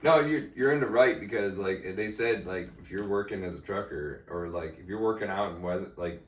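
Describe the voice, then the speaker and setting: A man co-hosting a casual chat who laughs often, swears and reacts loudly to his friend's story. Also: low-pitched, a little fast, far from the mic. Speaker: podcast co-host. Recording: roomy, off-mic sound.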